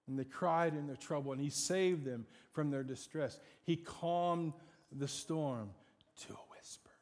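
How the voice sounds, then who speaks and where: Slow dramatic preacher in a hall. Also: male voice, fairly high pitch. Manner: dramatic, swings from loud to hushed. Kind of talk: sermon. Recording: long hall reverb.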